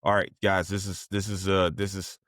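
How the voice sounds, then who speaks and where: A man's voice: low-pitched, flat delivery, normal speed, a bit bright, no room sound, clean studio sound. A man hosting a casual solo podcast, talking in a rambling, profane and enthusiastic way. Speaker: podcast host.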